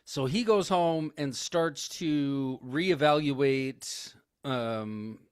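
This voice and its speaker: A man co-hosts a podcast, recapping a film in a casual, animated way. He slips into quick acted-out quotes as he tells it. The sound is dry and close. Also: mid-range voice, clean tone, no room sound. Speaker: podcast co-host. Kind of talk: casual movie recap chat.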